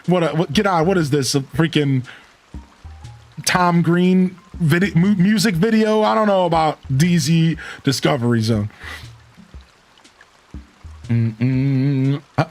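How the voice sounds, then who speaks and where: A male streamer talks casually and reflectively, often stopping mid-phrase to restart. His voice sits a bit high for a man, with soft game music behind him. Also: slow pace, long pauses. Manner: rambling, self-interrupting, reflective. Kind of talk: casual gameplay stream chat.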